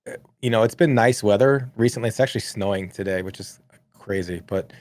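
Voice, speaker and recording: A man's voice: fairly low pitch, a little fast, darkish tone, no echo. Man ranting on a dry podcast mic. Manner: ranting, exaggerated complaints. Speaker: podcast co-host. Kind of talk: casual chat.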